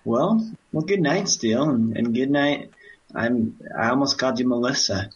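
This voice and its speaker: A man's voice: medium pitch, normal speed, husky, lo-fi sound. A man hosting a podcast, chatting casually in a joking, rambling way. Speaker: podcast host.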